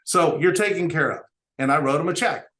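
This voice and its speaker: A man's voice: on the high side, a little fast, fairly bright tone. A middle-aged businessman telling stories as an interview guest, earnestly quoting dialogue. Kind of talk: storytelling interview talk.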